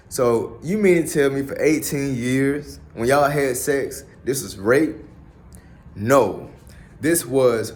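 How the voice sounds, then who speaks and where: Blunt, profane man talking slowly. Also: medium pitch, expressive. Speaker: commentator. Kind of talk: casual opinionated monologue.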